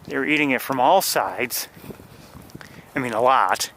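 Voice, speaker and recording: A man with a bright, clear-toned voice talks his way along muddy trails in light rain, pausing often and circling back to restart his thoughts. Faint outdoor ambience hangs behind him, recorded on a camera mic. He sounds like a guide chatting to viewers on a birding walk. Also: mid-range voice, slight background noise, rough recording. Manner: rambling, many fillers and restarts. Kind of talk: casual walking narration.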